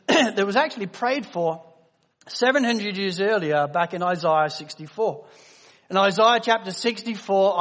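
A middle-aged man preaching a sermon, swinging from loud proclaiming to a hushed, tender near-whisper. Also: high voice, long reverb tail.

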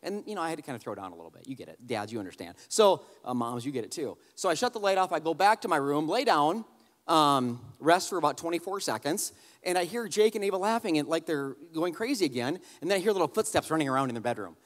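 A man preaching a sermon, telling a humorous family story in an animated, conversational way and addressing the crowd directly. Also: a little high, fast, long reverb tail. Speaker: pastor.

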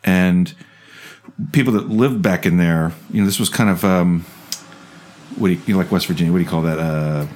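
Man, low-pitched, casual podcast chat, rambling, laughs a lot. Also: a little fast, a little mellow. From South Jersey. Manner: rambling, laughing, restarts thoughts. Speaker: podcast co-host.

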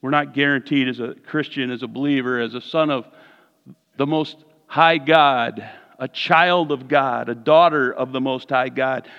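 A man preaching a sermon as pastor, animated, swinging from hushed lines to loud ones. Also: medium pitch, a little slow, smooth, dull audio. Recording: reverberant hall.

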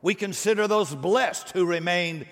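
A man preaching a sermon, animated and conversational, acting out voices and joking with the congregation. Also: sits high, measured pace, long reverb tail. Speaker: pastor.

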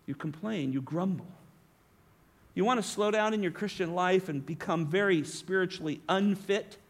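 Pastor guy preaching, high voice, goes loud then quiet. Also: unhurried. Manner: lively preaching, swinging between emphatic and hushed. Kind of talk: sermon.

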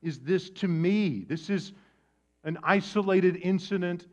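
A man's voice: sits high, measured pace, voice pushed up. A man playing an exasperated, brushing-off young man. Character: young man dismissive and hesitant, brushing off a request. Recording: dull lo-fi sound.

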